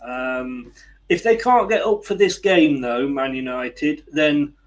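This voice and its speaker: A man's voice: fairly high pitch, slow, rough recording. A man hosting a casual football chat, chatty and laughing easily. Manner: chatty, laughing, frequent fillers. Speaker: host.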